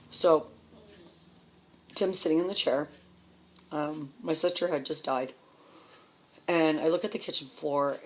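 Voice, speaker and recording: A woman in her fifties telling her own story candidly and emotionally, blunt and quick to swear. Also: low-pitched, creaky, breathy edge, rough recording. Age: 50s.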